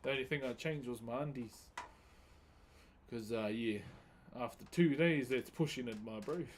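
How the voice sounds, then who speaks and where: A man's voice: mid-range voice, normal speed, slight background noise. Laid-back Kiwi man chatting on stream. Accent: New Zealand. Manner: laid-back, slangy, greets viewers by name. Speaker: livestreaming wood carver. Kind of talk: casual live-stream chat.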